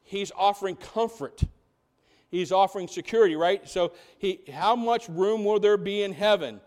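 A man's voice: sits high, normal speed, darkish tone. A man preaching a sermon in a church, full of rhetorical questions and building emphasis. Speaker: pastor. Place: church sanctuary.

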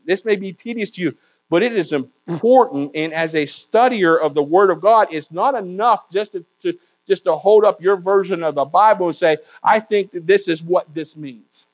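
Emphatic preacher man, lo-fi. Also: high voice. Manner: emphatic, slows down on key words and builds to raised peaks. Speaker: pastor. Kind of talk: sermon.

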